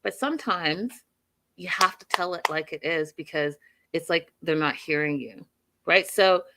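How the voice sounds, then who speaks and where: Host: woman, lowish pitch, bright forceful tone, casual emphatic recap talk straight to listeners. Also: measured pace. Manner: chatty, emphatic, addresses listeners directly. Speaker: podcast host recapping a reality show.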